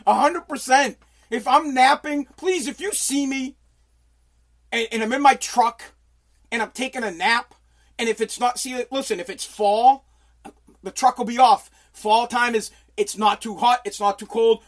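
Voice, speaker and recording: A middle-aged man from the United States in his home basement, ranting on a casual livestream in a profane, exasperated, pleading way. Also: very high voice. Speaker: livestream host.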